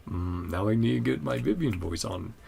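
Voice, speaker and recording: A man's voice: fairly low pitch, expressive, normal speed, creaky, mellow, slight background noise. A man giving playful, casual reaction commentary on a game, laughing often.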